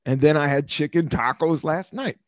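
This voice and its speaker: Here the same kind of speaker, a fifty-something podcaster from the United States, sounds fairly high and keeps a moderate tempo. His casual, meandering storytelling is peppered with curses and frequent laughter, captured in clean studio audio without echo.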